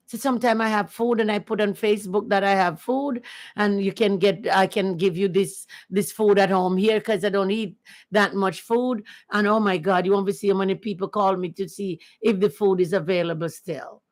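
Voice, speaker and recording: A woman's voice: medium pitch, fairly even intonation, moderate pace, darkish tone. A woman chatting casually and earnestly on her first livestream, repeating herself often. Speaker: livestream host.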